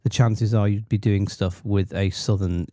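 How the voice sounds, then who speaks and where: A middle-aged man co-hosts a casual chat, teasing and pressing with questions. His voice is mellow and relaxed. The sound is dry and close. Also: on the low side, moderate pace, dry recording. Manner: teasing, quizzing, talks over others. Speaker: podcast co-host, dad.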